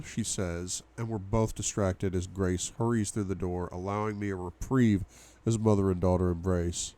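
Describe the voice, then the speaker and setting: Young guy reading a novel out loud, low warm voice, stops to talk to viewers. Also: fairly even intonation, normal speed. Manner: reads aloud with asides to viewers. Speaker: book club reader. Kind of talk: audiobook-style reading.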